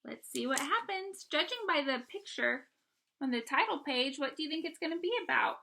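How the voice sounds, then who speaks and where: A woman's voice: high-pitched, animated, fairly quick, creaky, bright, forceful tone, a little hiss or hum. A woman teacher reading a picture book aloud to children, asking them questions and praising their answers.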